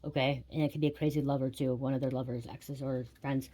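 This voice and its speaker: A woman's voice: extremely low pitch, level tone, quick pace, mellow. A woman giving a casual tarot reading, chatting straight to her viewers and swearing when surprised. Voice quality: frequent swearing exclamations. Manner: chatty, addresses viewers directly. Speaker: tarot reader.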